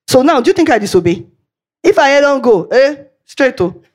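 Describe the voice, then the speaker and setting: A woman's voice: high-pitched, big pitch swings, moderate pace. A woman with a Nigerian accent preaching a sermon, telling chatty anecdotes and laughing along the way. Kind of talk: storytelling sermon.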